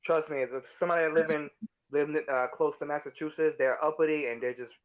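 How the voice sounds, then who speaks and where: A young man from Connecticut talking in casual podcast chat, emphatic and relaxed. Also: fairly high pitch, quick pace. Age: young adult. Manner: emphatic, casual, says "you know" a lot. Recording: dull lo-fi audio.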